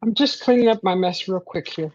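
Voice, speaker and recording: A woman hosting a casual livestream chat, excitable and gushing, laughing often. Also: mid-range voice, fairly quick, no echo, highs cut off. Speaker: livestream host.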